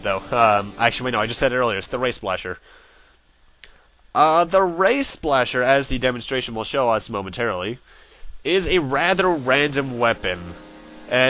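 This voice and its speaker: Bright-voiced man casually commentating gameplay. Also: medium pitch. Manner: chatty and self-correcting, with frequent fillers. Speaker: let's play host.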